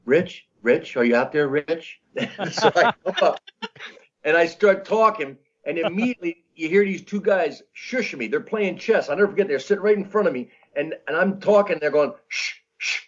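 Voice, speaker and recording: A man in his sixties telling stories as an interview guest, rambling and halting with many restarts. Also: high voice. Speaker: comedian guest. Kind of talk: casual storytelling interview. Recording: dull lo-fi audio.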